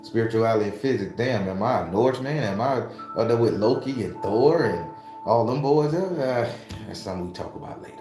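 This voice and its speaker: A man's voice: lowish voice, warm tone. A man giving a fired-up spiritual talk straight to the camera, swearing freely and firing off rhetorical questions like a preacher. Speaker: spiritualist YouTuber. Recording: echoey room with faint music.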